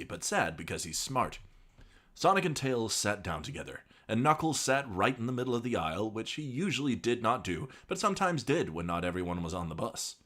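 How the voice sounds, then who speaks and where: Low deadpan man reading aloud. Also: fairly quick. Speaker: comedy podcast co-host reading fan fiction aloud. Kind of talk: comedic dramatic reading.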